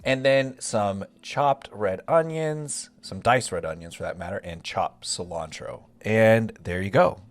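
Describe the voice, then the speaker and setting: A young man hosting a home cooking video, walking through each step in a relaxed, chatty way. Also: fairly low pitch, measured pace, few pauses. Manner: relaxed, step-by-step instructions with frequent "gonna go ahead". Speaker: home cook and channel host. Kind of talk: casual cooking walkthrough. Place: home kitchen.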